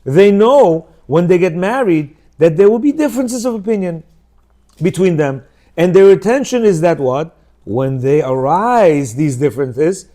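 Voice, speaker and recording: In a fairly high, mellow voice, a middle-aged man teaches Torah informally, chatting with listeners through frequent "yeah?" and "you know." He brings quoted speech to life by shifting voices.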